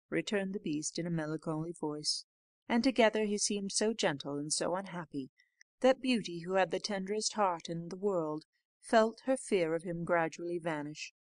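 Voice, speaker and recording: A woman with a lowish voice reads a fairy tale aloud, measured and clear. The recording is dry and close. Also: dry recording. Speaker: audiobook narrator. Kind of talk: storybook reading.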